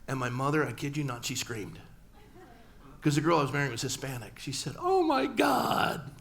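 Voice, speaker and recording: A man's voice: medium pitch, fairly even intonation, a little fast, fairly bright tone. A middle-aged man, a pastor, telling a personal story in a sermon and acting out family dialogue with humor. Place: church sanctuary.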